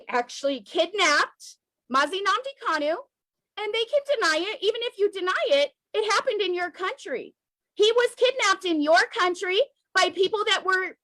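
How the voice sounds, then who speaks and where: Close-miked and dry, with no trace of room echo, a U.S. activist commentator speaks in a very high, bright, crisp voice. She is emotional and emphatic, hammering home her video commentary by stating things twice with forceful intensity.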